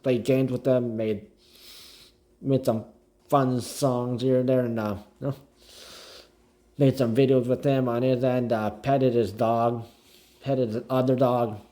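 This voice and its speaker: A man explaining himself haltingly in a clip, with constant fillers and restarts. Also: mid-range voice, flat delivery, dark tone. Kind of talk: recorded video narration.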